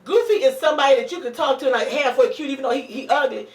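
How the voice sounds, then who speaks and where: Hoarse lady host, high voice, roomy sound from far off the mic, blunt and cussing. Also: racing, hardly any pauses. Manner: blunt, profane, fired-up. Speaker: talk show host. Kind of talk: casual chat.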